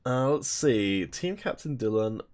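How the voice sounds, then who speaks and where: A man's voice: medium pitch, lively intonation, a little slow, a little mellow, clean tone. A man casting an esports tournament stream alone, chatty and jokey, talking with his mouth full at times. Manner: chatty, jokey, talks while eating. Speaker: esports caster. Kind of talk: solo esports play-by-play commentary.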